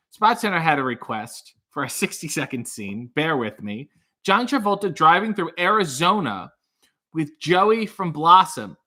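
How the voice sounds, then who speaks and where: A man hosting a casual livestream, reading viewer comments aloud and firing back dry, sarcastic asides. His voice is bright and forceful and sits a little high for a man. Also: sing-song, measured pace. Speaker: comedian host of a livestream.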